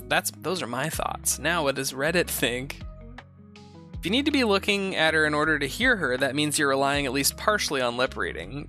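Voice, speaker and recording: A man's voice: on the high side, bright, forceful tone. A man hosting a show, reading posts aloud and giving rambling, profane, sarcastic commentary in a casual chat style. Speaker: host.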